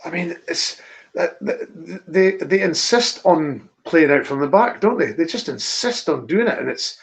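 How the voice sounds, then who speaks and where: A man's voice: on the high side, animated, unhurried, vocal fry. A man co-hosting a casual football podcast, talking in a rambling, hesitant way with frequent laughs. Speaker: podcast co-host. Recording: dull lo-fi audio.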